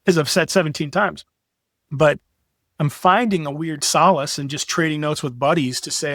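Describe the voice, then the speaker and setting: A middle-aged man talking as a podcast guest, telling lively stories with swearing and acted-out quotes. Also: on the high side, moderate pace, no room sound, clean studio sound. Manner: animated storyteller, profane, acts out quotes. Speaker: podcast guest, graphic designer. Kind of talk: casual chat.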